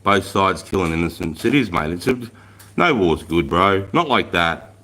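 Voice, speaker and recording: A man's voice: deep voice, sing-song, normal speed, sharp tone. An Australian man in his forties hosting a casual livestream, telling blunt, profane stories and chatting with viewers. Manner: blunt, swearing, slangy storyteller. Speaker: livestream host. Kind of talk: casual livestream chat, reading comments.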